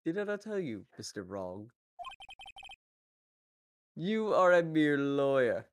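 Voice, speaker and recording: A man's voice: fairly high pitch, big pitch swings, slow pace, slight background noise. A man voicing a pompous, smug villainous businessman with a put-on British accent, in a fan voice-over of a game. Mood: grandiose. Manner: grandiose, smug, theatrical.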